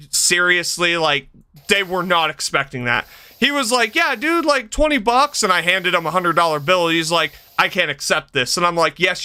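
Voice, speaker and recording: A man's voice: fairly high pitch, clean tone. A man in his thirties chatting casually on a game stream, swearing freely, laughing often and telling stories. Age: 30s. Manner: animated, profane, laughs often. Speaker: streamer host. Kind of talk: casual chat while gaming.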